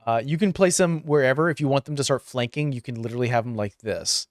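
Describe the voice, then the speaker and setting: A man serves as game master, talking players through their turns and dice rolls at an easy, conversational pace. His voice sits at an ordinary middle pitch. The recording is close and dry, with no room sound. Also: fast, no room sound. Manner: relaxed, explaining rules and calling turns. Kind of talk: running a tabletop game, casual.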